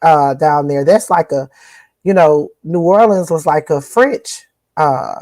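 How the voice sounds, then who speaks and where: A woman from northern Louisiana with a northern Louisiana accent, co-hosting a podcast in casual chat, folksy and animated with old-fashioned country sayings. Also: deep voice, slow pace, no room sound, low-quality recording. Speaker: podcast co-host.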